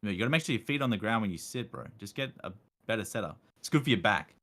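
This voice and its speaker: Young aussie guy streaming, low-ish voice but bright, swings up and down a lot, jokey. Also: quick pace. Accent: Australian. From Australia. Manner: animated, laughs often, jokey. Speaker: streamer host. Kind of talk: casual chat.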